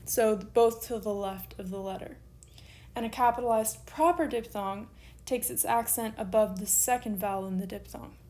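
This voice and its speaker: A woman's voice: a little high, normal speed, warm tone. A woman recording an online lesson, patiently spelling out letters one at a time as she explains. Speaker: teacher.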